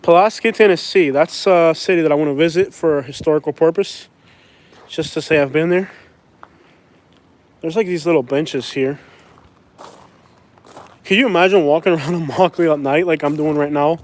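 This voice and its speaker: A man from Florida with a Florida accent rambles through a casual live stream while walking outside at night. His voice sits a touch high, and he laughs often as he chats along. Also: moderate pace, long pauses. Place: outdoors at night in a small town.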